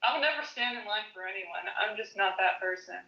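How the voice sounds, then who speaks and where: A woman hosting a podcast in casual chat, blunt and quick to laugh. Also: mid-range voice, animated, a little hiss or hum. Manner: chatty, laughs often, blunt. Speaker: podcast host. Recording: echoey, dull lo-fi audio.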